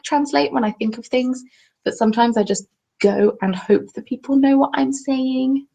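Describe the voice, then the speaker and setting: Chatty southern English woman, gravelly edge. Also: on the high side, poor audio. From England. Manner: chatty, jokey, reads viewer comments aloud. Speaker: craft vlogger. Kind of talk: casual live-stream chat. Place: at home, seated. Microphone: webcam.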